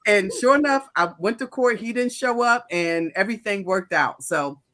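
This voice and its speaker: A woman co-hosting a talk show, telling a story in a lively way with frequent laughter. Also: mid-range voice, normal speed. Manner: animated storyteller, laughs often. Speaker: co-host. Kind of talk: casual chat.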